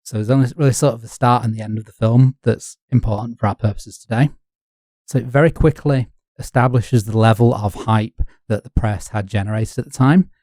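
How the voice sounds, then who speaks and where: A man's voice: medium pitch, fairly even intonation, fairly quick, a little mellow, no echo. A man from the north of England, co-hosting a casual history podcast with dry, wry humour. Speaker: podcast co-host.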